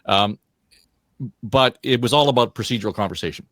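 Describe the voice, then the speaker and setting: A man's voice: mid-range voice, fairly quick, fairly bright tone, no room sound. A man hosting a political panel, talking conversationally and putting questions to his guests. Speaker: host.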